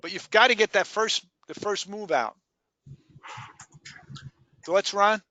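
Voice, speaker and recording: High, bright, emphatic male sales trainer. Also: takes it slowly, no echo. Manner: emphatic, repeats key phrases, asks questions. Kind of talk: live sales training session.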